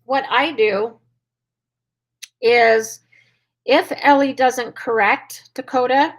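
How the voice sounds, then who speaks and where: A woman's voice: fairly high pitch, fairly even intonation, slow, low-quality recording. A woman dog trainer hosting a casual live Q&A and answering viewer questions in a chatty way, with lots of "um" and "like". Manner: chatty, with frequent "um" and "like".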